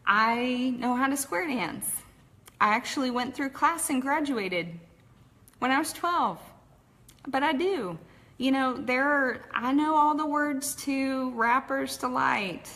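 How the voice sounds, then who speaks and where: Bright-voiced chatty Texan woman. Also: high-pitched, takes it slowly. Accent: Texas. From Texas, USA. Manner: chatty and candid, with frequent "like" and "um". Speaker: personal storyteller. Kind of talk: casual personal story talk.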